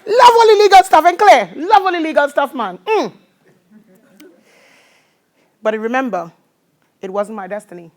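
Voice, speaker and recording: A woman with a Trinidadian accent and a fairly high voice tells her story to a live audience. She speaks with animated energy and invites call-and-response like a preacher. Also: fairly quick. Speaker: motivational speaker. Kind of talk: motivational talk to a live audience.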